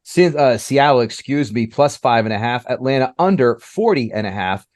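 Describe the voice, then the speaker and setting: A man's voice: mid-range voice, lively intonation, normal speed, dry recording, clean studio sound. A man co-hosting a comedy sports betting podcast, reading a long list of bets and joking, a bit tongue-tied. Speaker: podcast co-host. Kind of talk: casual sports betting chat.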